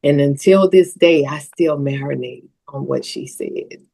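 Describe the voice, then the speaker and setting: A woman's voice: deep voice, a little slow, creaky, dark tone. A woman guest on a podcast, telling a personal story in an earnest way that turns tearful at times. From Southern US.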